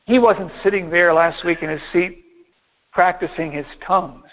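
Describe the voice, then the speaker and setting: High-pitched preacher guy giving a sermon, slows down on the big points, sounds tinny like over a phone. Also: fairly even intonation, a little hiss or hum. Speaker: pastor.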